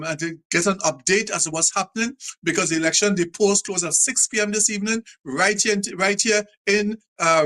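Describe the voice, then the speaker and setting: This Trinidadian man, from Trinidad and Tobago, hosts a live talk show in a high, sharp voice. Preachy and repetitive, he keeps saying the same things over as he rouses his audience to love their country.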